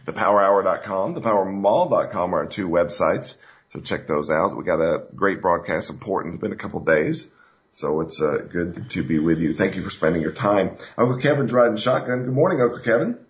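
A man's voice: sits low, lively intonation, brisk. A man hosting a talk radio show, talking in an emphatic, folksy, rambling way with fillers. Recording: dull lo-fi radio recording.

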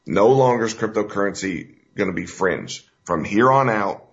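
A man's voice: on the low side, animated, moderate pace, creaky. A man hosting a talk radio show, talking in an emphatic, folksy, rambling way with fillers. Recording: dull lo-fi radio recording.

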